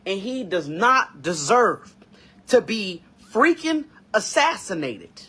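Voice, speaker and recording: A man giving an emotional reaction monologue, fighting back tears, slow and halting with sighs and pauses. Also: high voice, very animated, sharp tone, husky. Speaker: vlogger reacting to news.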